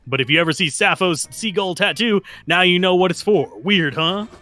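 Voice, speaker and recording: A man reading game text aloud in a brisk, amused way while playing a video game with friends. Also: high voice, pushed and bright, soft background music. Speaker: game commentator.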